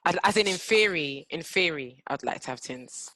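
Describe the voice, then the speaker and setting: A woman co-hosting a casual podcast chat, reacting quickly and expressively. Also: low-pitched, animated, pushed and bright, slight background noise. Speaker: podcast co-host.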